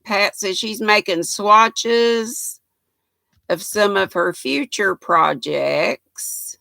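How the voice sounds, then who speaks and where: A woman's voice: medium pitch, drawn-out words, vocal fry, pushed and bright, dry recording. An older woman, chatting folksily with viewers and reading their comments on a knitting livestream, laughing often. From United States.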